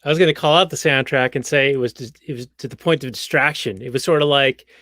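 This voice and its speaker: A man's voice: medium pitch, quick pace, fairly bright tone, dry recording, studio quality. A man hosting a casual movie review livestream, speaking in a laid-back, conversational way.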